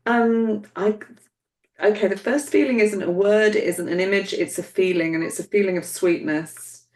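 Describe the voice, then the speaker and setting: A woman's voice: mid-range voice, normal speed, a little mellow, distant mic. A woman hosting a mediumship demonstration, relaying messages in an affectionate, searching way and calling people darling. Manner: repetitive, searching phrasing. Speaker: host and medium. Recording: roomy sound from off-mic.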